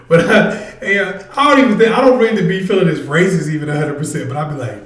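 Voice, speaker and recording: A man's voice: on the high side, lively intonation, quick pace, fairly bright tone, echoey room. A man hosting a casual livestream, energetically urging his viewers to join in. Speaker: livestream host. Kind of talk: casual live chat with viewers.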